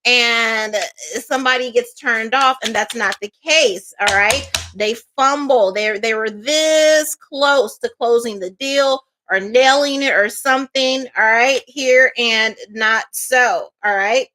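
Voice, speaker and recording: A woman's voice: on the high side, takes it slowly, noisy background. A woman giving a casual tarot reading, talking in a loose, chatty storytelling way with many fillers and asides. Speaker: tarot reader.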